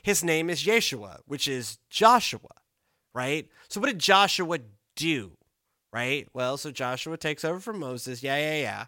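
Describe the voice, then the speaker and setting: A man's voice: a little high, a little slow, no room sound, clean studio sound. A man, a pastor, talking casually about scripture in a podcast, rambling and checking in with "right?". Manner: rambling, animated, lots of "right?".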